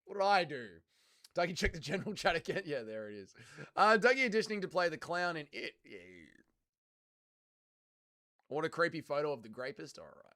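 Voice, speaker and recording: A man's voice: a little high, very animated, fast talker, bright, forceful tone. A man with an Australian accent hosting a livestream, swearing and bantering as he mocks his chat. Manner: profane, bantering, mocking. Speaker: livestream host. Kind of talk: casual livestream chat, reading viewer comments.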